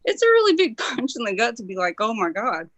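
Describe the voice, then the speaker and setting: An excited woman from Kentucky calls in and rushes through her story, full of "um"s and restarts. Her voice sits in a middling register and sounds dry and close, with no room around it. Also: fairly high pitch, no room sound. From Kentucky, USA. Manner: excited, tumbling, many fillers. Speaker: caller. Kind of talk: call-in sharing a personal story.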